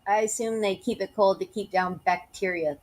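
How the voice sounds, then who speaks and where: A woman's voice: medium pitch, fairly even intonation, normal speed. A woman with a slight Southern US accent, reading emails aloud and breaking in with blunt, mocking asides. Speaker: YouTuber reading letters aloud. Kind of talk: reading emails with sarcastic commentary.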